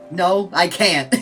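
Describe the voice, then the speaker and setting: A man streaming a game live, commenting in a loud, playful and excitable way. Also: sits high, recorded from a distance. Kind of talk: casual gameplay commentary.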